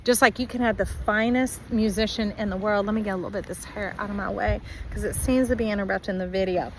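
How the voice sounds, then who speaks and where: Woman tarot reader, animated, mid-range voice, faint background hiss. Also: mid-range voice, fast, low-quality recording. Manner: animated, acts out viewers' voices. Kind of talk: spiritual tarot reading.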